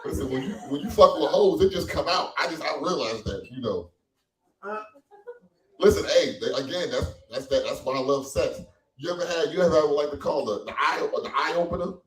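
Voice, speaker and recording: A man performing a stand-up comedy set in a small cafe, animated and loose, acting out quoted voices. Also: on the high side, a little fast. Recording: echoey room from far off.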